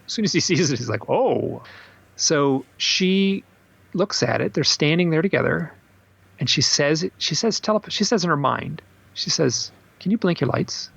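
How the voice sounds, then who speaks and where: Male author as podcast guest, husky and gravelly, animated storyteller, dull dry recording. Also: on the high side, normal speed, no echo. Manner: animated storyteller acting out quoted voices. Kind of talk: storytelling in a casual interview.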